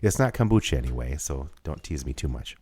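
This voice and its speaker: A man's voice: very deep voice, sing-song, brisk, darkish tone, breathy edge, dry recording. A man in his fifties co-hosting a podcast from his home studio, chatting loosely and laughing as he rambles. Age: 50s. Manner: rambling, laughs often, restarts. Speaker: podcast co-host. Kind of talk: casual chat.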